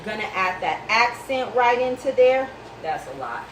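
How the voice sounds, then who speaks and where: A woman's voice: on the high side, expressive, moderate pace, roomy sound, far from the mic, slight background noise, rough recording. A woman hosting a casual home cooking video, chatty and reassuring, calling the viewer baby. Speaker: cooking vlog host. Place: home kitchen.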